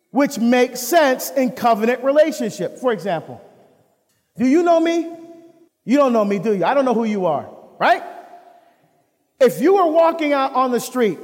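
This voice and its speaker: A man from the United States preaching a sermon as a deacon, lively and full of rhetorical questions. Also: very high-pitched, big-room sound.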